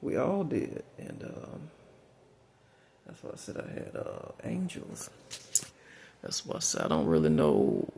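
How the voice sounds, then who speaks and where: A middle-aged man with a Southern US drawl and a heavily gravelly voice that rises and falls in a lively way. He rambles frankly and profanely, with many fillers and restarts. A faint background hiss sits behind him. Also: rumbling low, a little slow, long pauses. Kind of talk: rambling personal monologue.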